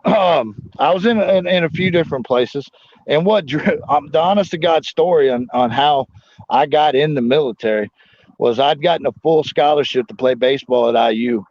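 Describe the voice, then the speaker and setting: A man's voice: a little high, moderate pace, darkish tone. A man telling stories in a casual interview, rambling and profane, full of fillers like "you know what I'm saying". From United States. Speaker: interview guest, former wrestler and Marine. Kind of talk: casual storytelling shoot interview. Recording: dull dry lo-fi audio.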